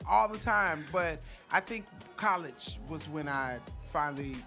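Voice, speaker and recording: A woman comedian being interviewed, who tells animated, profane stories and acts out the voices of other people. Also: low-pitched, measured pace, soft background music. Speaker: comedian, guest. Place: festival content studio.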